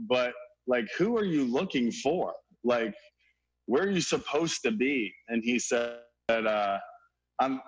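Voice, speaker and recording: A young man excitedly telling a story in an interview, filled with "like" and acted-out quotes. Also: medium pitch, poor audio. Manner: animated, filler-heavy, acts out quotes. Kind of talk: excited anecdote.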